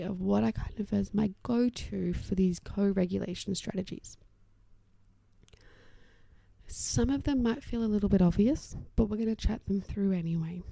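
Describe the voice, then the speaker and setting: A young adult woman hosting a solo podcast as an occupational therapist, chatty and reassuring, often dropping to a soft whisper as she explains parenting strategies. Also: mid-range voice, creaky, no room sound.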